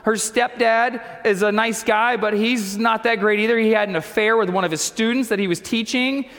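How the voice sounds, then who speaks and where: A man preaching from the pulpit, his voice pitched high for a man. He tells a personal story with earnest feeling and acts out the people in it. The sound carries a long church-hall reverb. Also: fairly even intonation, normal speed, fairly bright tone. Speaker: pastor.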